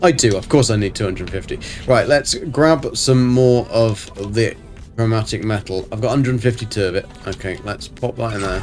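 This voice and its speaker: A man's voice: fairly low pitch, normal speed, faint music behind. A middle-aged man on a casual live game stream, answering chat and muttering to himself as he plays.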